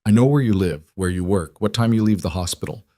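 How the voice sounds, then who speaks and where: A man voicing a smooth, amused, menacing mob boss with a faint Italian accent. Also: fairly low pitch, brisk, dark tone, no room sound, studio quality, close to an everyday voice.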